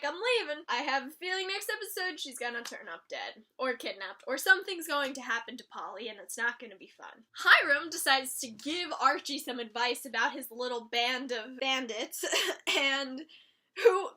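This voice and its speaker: A young woman chatting casually as she reviews a TV episode, animated and gushing, with exasperated outbursts. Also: sits high, moderate pace. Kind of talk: casual chat.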